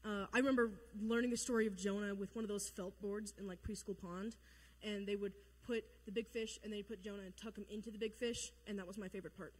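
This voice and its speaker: A woman gives a relaxed Bible lesson to a youth group, her voice bouncing off the walls of an echoey hall. She talks in a chatty, joking way and slips into silly voices when she quotes people. Her pitch sits in an ordinary middle range. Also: fast talker. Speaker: youth Bible study leader.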